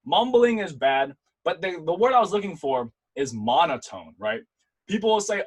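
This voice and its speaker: Casting note: young male debate coach, husky, a bit high, animated online lecture. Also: moderate pace, poor audio. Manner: lively, demonstrative, swings between loud and quiet to show vocal variety. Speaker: debate instructor. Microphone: computer mic on a video call.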